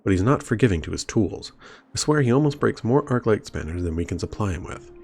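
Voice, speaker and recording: A man reading the lines of a busy male dwarf tool merchant from a game, brisk and matter-of-fact. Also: on the low side, expressive, gravelly, darkish tone, breathy edge, heavily acted.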